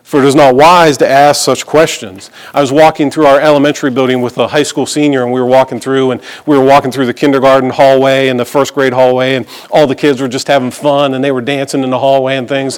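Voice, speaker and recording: A middle-aged male pastor preaching a conversational sermon, mixing scripture reading with personal stories and light humor. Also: mid-range voice.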